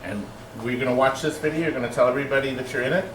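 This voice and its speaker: A man's voice: medium pitch, steady tone, rapid-fire, echoey room, background noise. A man hosting a casual, joking video from his arcade game shop, teasing his guests and staff with playful outbursts. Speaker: host of a pinball shop channel. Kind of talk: casual joking chat on camera.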